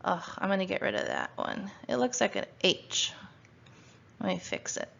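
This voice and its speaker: With huge pitch swings, vocal fry, and a somewhat bright medium-pitched voice, a woman teaches a first-grade phonics spelling lesson from home at a moderate pace. She patiently sounds out letters and questions the children, recorded in dull lo-fi quality.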